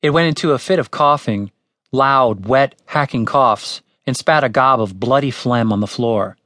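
A man reading a comic fantasy audiobook in a lively storytelling manner. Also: medium pitch, normal speed, no room sound. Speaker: audiobook narrator. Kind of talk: scripted comic fantasy narration. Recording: dry studio recording.

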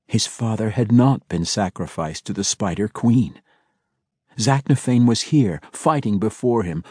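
Husky low-voiced male audiobook narrator. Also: dark tone, no echo, studio quality. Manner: measured, dramatic storytelling. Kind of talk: scripted narration.

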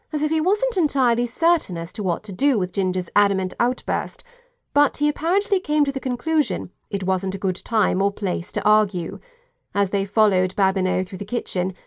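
A woman narrates an audiobook in a measured, even storytelling voice. Her pitch sits in the middle range. The recording is dry and close. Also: gravelly, dry recording. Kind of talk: scripted narration.

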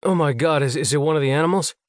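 A male audiobook narrator voicing a young ranch hand who wakes drowsy and turns quick and concerned, in a close, dry reading. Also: fairly high pitch, no echo, voice pushed up, natural voice. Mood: alarmed. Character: young man, sleepy startled ranch hand. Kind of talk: audiobook dialogue.

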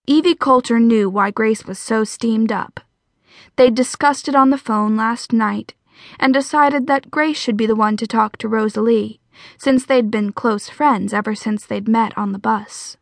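Woman reading an audiobook, slightly high voice, dry close sound. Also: measured pace, creaky, no room sound. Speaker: audiobook narrator. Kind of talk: scripted narration.

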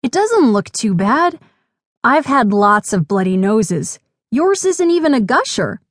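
A woman's voice: on the high side, big pitch swings, a little slow, no echo. A woman voicing a confident, sporty young girl in a storybook, upbeat and reassuring. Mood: comforting. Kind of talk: storybook character voice. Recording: dry studio recording.

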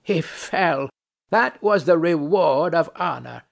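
A man's voice: fairly high pitch, lively intonation, takes it slowly, creaky, exaggerated voice. A man reading a play aloud, voicing a proud, indignant noblewoman who speaks primly and insists on her due. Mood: bitter, accusing. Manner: prim, affronted, insistent questioning. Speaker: audiobook narrator.

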